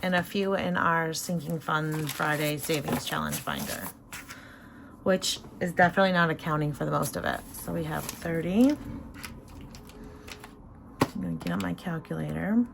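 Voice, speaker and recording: Woman vlogger, casual and emotional, creaky low voice, noisy home recording. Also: normal speed, long pauses. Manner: excited, emotional, counting money aloud. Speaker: savings vlogger. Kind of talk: casual cash-stuffing vlog.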